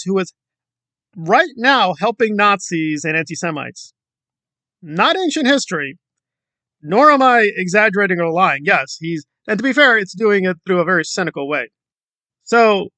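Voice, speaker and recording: A man rants on his own commentary channel in a bright, sharp voice, heavy with sarcasm and mockery. The recording is dry and close, with no room sound. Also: high voice, dry recording. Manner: sarcastic, mocking, emphatic.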